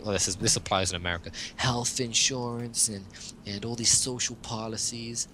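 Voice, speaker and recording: A man's voice: fairly low pitch, steady tone, normal speed, bright, forceful tone, slight background noise. A man co-hosting a podcast in a casual, joking chat, rambling along with frequent chuckles. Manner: rambling, jokey, chuckles often. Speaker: podcast co-host.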